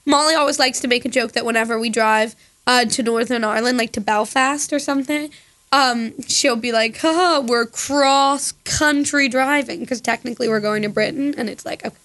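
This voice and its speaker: A high-pitched young woman chatting casually as a podcast co-host. She giggles a lot and strings her thoughts together with constant fillers. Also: fairly even intonation, fairly bright tone, no room sound. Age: young adult. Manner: giggly, talks fast with lots of fillers, slips into put-on accents. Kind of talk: casual chat.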